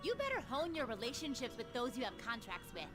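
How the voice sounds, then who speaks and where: A woman's voice: on the high side, big pitch swings, fast talker. An actress playing a harsh young female prison warden who snaps orders. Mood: bossy. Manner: bossy, snapping orders. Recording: game audio with music behind.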